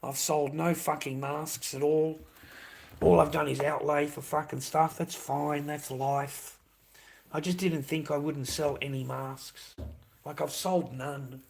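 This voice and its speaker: Gravelly older Australian man ranting. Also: fairly high pitch, level tone, a little slow. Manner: blunt, swearing, repetitive. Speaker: livestreamer. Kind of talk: casual livestream rant.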